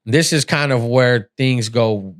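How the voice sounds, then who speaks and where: A middle-aged man with a mid-range voice speaks slowly as he hosts a podcast. He tells his own story candidly and earnestly, in a blunt and emotional way.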